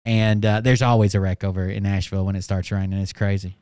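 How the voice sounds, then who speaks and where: A man's voice: fairly low pitch, flat delivery, quick pace, warm tone, clean tone, dry recording, clean studio sound. A man hosting a live stream, chatting casually and rambling with lots of fillers. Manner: rambling, filler-heavy, offhand.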